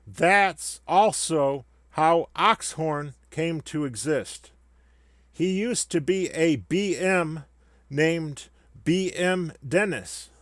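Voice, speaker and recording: A man's voice: fairly high pitch, extremely slow, a bit bright, no echo, studio quality. A man delivering a scripted comedic rant in a sarcastic, mock-solemn way. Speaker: satirical commentator.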